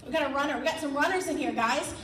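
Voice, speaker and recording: A woman's voice: high-pitched, rapid-fire, a bit bright, slight background noise. A woman in her thirties giving a motivational speech to her sales team at a live event. She exhorts the crowd with direct questions. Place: large room at a live event with an audience. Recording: echoey room, voice picked up from a distance.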